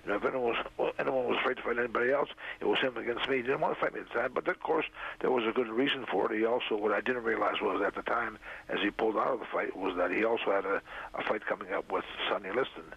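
Gravelly older man, dull lo-fi radio sound. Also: lowish voice. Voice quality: gravelly, raspy. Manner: halting, frequent "uh" fillers. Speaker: interview guest. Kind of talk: rambling storytelling.

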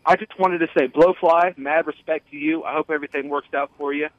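A man's voice: a little high, fairly even intonation, a little fast, no room sound. A man phoning into a radio show, eager and earnest. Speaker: caller. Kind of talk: phone-in call. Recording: muffled phone line.

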